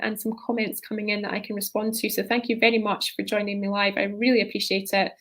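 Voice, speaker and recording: Woman, leadership coach, live stream talk, rambling, keeps asking "right?", fairly high voice. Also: fairly bright tone. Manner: rambling, tags sentences with "right?".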